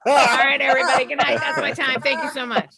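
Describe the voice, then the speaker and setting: A woman's voice: high voice, level tone, fairly quick, gravelly, a loud crowd. A middle-aged woman doing a stand-up set on a live stream, telling stories about her family with a dry delivery. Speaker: stand-up comedian.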